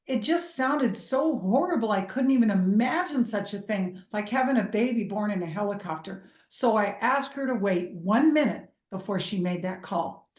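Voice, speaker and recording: A middle-aged woman telling a personal story in an expressive way, acting out the voices of the people in it. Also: medium pitch, normal speed, few pauses, echoey room. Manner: expressive, acts out quoted voices. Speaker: speaker sharing a personal story.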